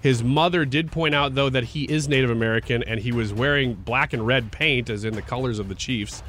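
A man's voice: mid-range voice, a little fast, a bit bright, faint music behind. A man co-hosting a talk radio show, reading news items as quiz questions and chuckling often in casual banter. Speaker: radio show co-host running a quiz game.

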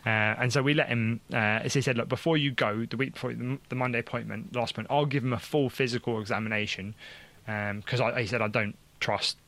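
Man, casual testimony, rambling with restarts, ordinary pitch. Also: a little fast. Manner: rambling, many restarts and fillers, grows excited. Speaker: father sharing a testimony.

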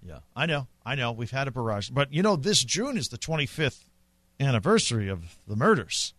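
A man's voice: mid-range voice, big pitch swings, fairly quick, fairly bright tone, no echo, clean studio sound. A young man co-hosting a radio show, chatting casually and teasing while calling golf shots in passing. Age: young adult. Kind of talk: casual sports radio chat.

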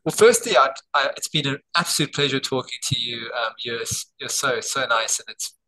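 A middle-aged Australian man, a doctor and author, talking as a guest over a video call from home and telling lively anecdotes. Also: mid-range voice, fairly quick, poor audio. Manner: lively anecdotes, acting out quoted dialogue. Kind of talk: interview storytelling. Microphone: video call on borrowed telehealth equipment.

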